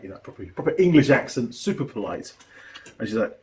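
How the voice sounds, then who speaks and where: A man, a mechanic and video host, chatting and telling animated stories while building a kit. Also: medium pitch, brisk. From New Zealand. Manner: chatty, animated storyteller with a laugh. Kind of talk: casual chat while building a model kit.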